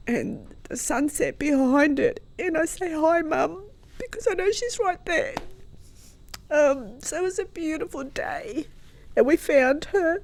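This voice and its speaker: A woman tells a family story as a podcast guest. She was born in Croatia and grew up speaking Croatian. She tells it with feeling, often breaking into laughter. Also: a little high. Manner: emotional, lively storyteller who laughs often. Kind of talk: casual storytelling interview.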